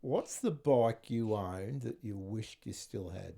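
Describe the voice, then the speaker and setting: A man's voice: fairly low pitch, animated, slow pace, vocal fry, warm tone. A man hosting a casual chat, blunt and swearing freely as he tells a story. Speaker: podcast host.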